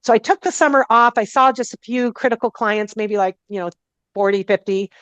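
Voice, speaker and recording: A woman, a guest energy healer, telling her story in a casual interview, animated and often acting out what people said to her. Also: on the high side, fairly quick, no echo. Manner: animated, acts out quoted dialogue, many "like" and "I go" fillers. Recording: dull, dry, muffled recording.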